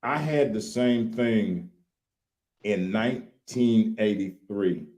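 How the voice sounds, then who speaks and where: A country man, co-hosting, keeps saying look here, chatty and lively. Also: fairly low pitch, takes it slowly. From Louisiana. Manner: animated, repeats "look here", folksy. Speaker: co-host. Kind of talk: casual chat.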